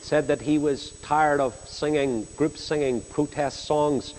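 A man preaching a sermon, emphatic, swinging between loud and hushed delivery. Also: on the high side, steady tone, measured pace, in a large hall, poor audio.

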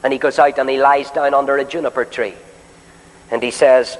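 Impassioned preacher in a reverberant hall. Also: male voice, medium pitch, steady tone, a little fast. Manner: impassioned, swings between loud declarations and soft pleading asides; addresses listeners directly with questions. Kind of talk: sermon. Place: meeting hall.

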